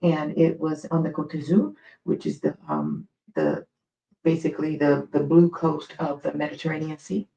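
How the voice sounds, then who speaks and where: A woman's voice: deep voice, normal speed, creaky, low-quality recording. A woman from the United States hosting a live stream, telling chatty, digressive stories in a casual way. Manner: chatty, digressive, animated storyteller.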